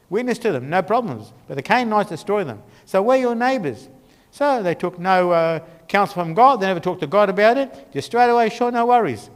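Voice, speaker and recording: A man with a high voice teaches a church Bible class in a loose, chatty storytelling manner, pointing things out on a map as he goes. His voice carries a long reverb from the church hall around him.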